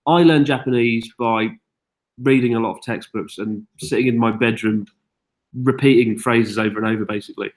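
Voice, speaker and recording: A tired British man hosting a live-stream Q&A, briskly reading out viewer questions and answering them in casual chat. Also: mid-range voice, fairly even intonation. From United Kingdom. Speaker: YouTube host.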